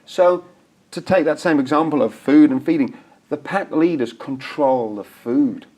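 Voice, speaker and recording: A man talking as a guest in a TV studio interview, animated and acting out examples as he explains. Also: a little high, unhurried. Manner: animated, acts out voices and examples. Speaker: dog behaviour expert guest.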